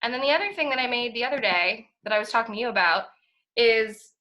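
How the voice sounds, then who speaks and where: A woman's voice: fairly high pitch, expressive, fast, sharp tone. A young woman chatting enthusiastically as a podcast co-host, full of fillers and the odd swear word. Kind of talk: casual chat.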